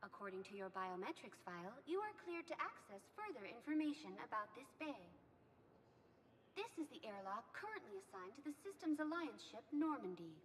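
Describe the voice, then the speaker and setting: Game casting: a polite formal station guide, high lively voice, long hall reverb. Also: female voice, brisk, a little hiss or hum. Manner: polite, formal announcement delivery. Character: calm female station information voice. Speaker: Citadel docking bay guide.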